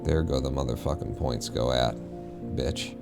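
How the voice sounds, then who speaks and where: A man's voice: low-pitched, lively intonation, unhurried, vocal fry, over music. A man streaming a game, rambling and swearing casually to himself as he plays. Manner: rambling, profane, mumbling to himself. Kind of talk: casual live-stream gameplay chatter.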